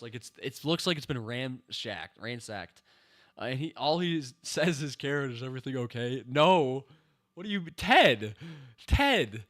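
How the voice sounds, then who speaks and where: A man giving a casual TV review, ranting in an exasperated, animated way with slang, talking into a personal microphone. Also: medium pitch. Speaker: show reviewer.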